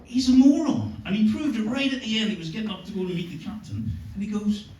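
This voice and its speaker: A man's voice: high voice, lively intonation, fast. A man in his forties doing a stand-up set, telling profane, swaggering stories about his family. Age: 40s. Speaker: stand-up comedian. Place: comedy club stage. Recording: roomy club sound, mic from a distance, audience noise.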